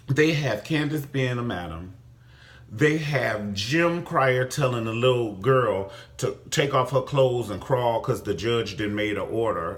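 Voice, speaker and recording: A man reviewing a TV episode in a casual vlog, sassy and flamboyant, swearing freely, calling his viewers honey and leaping up high in pitch for emphasis. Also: fairly bright tone. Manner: profane, calls viewers honey. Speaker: TV recap vlogger.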